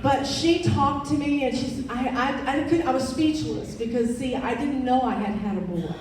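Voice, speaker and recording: A woman in her sixties tells her story as a keynote speaker, leaning on repeated phrases for emphasis. Her tone is soft and mellow. The sound comes from a distance and rings around a big echoing hall, with faint background noise. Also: sits high, normal speed, a faint crowd. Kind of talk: personal testimony speech. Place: large event hall.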